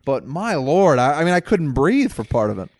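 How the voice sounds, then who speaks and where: Rambling man, slightly high voice. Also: very animated, normal speed, a little mellow, dry recording. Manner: rambling, self-deprecating, restarts. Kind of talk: casual chat.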